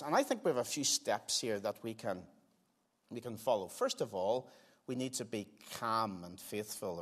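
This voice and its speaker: An older man preaching a sermon in a church, earnest, pressing some lines hard and dropping others to quiet, slow asides. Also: mid-range voice. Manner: earnest, swings between emphatic loud lines and quiet slowed asides. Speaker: pastor. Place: church sanctuary.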